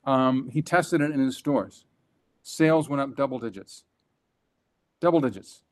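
In a conversational setting, a former franchise executive relates a story from business. He has a mid-range voice and an animated, emphatic manner, frequently catching himself and starting over.

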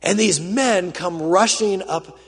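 A male pastor preaching a sermon, telling the story dramatically and swinging from loud, urgent passages to hushed ones. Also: sits high, slow, breathy edge. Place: church auditorium with a screen. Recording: reverberant hall.

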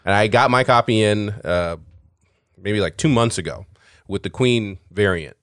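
A man's voice: on the low side, measured pace, fairly bright tone, clean tone, dry recording. Chatty male podcast co-host, storyteller, laughs easily, dry sound. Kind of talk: casual chat.

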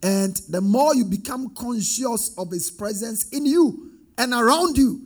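A man's voice: extremely high pitch, lively intonation, unhurried, faint music behind. A man preaching a sermon with call-and-response, rising into sing-song emphatic swells.

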